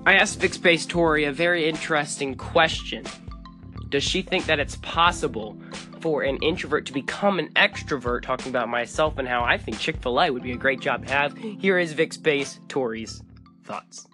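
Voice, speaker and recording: A man's voice: on the high side, moderate pace, over music. A young man hosting a comedic solo podcast in a playful, theatrical way. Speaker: podcast host.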